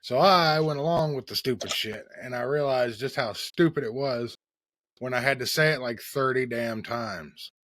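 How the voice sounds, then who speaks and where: A man's voice: medium pitch, moderate pace, a bit bright, no echo. A man from South Texas with a strong country accent, co-hosting a casual chat and laughing often. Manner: laughs often, loose and joking. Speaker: podcast co-host.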